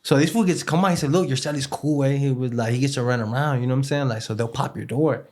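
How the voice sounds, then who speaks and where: A man's voice: medium pitch, fast talker, a little mellow. Male interview guest, mid-range voice, casual slangy storyteller who rambles and repeats himself. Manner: loose street slang with Spanish words mixed in; rambling, with many fillers and repeated words.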